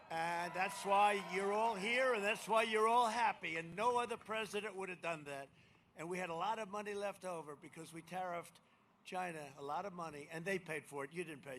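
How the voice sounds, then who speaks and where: A man's voice: high-pitched, bright, forceful tone, slight background noise. An older man giving a rambling, boastful rally speech and mocking his opponents. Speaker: campaign rally speaker. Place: outdoor rally crowd.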